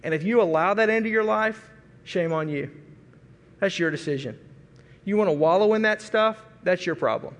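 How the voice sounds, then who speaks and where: A middle-aged man from Arkansas preaching a sermon, telling a folksy, animated story and acting out family voices. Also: high voice, moderate pace. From Arkansas, USA. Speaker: pastor. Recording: long reverb of a large hall.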